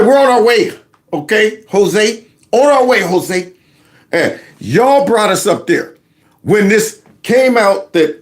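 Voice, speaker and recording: A man hosting an opinionated commentary vlog, talking in an emphatic, colloquial and indignant way with big swings in pitch. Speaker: political commentary host.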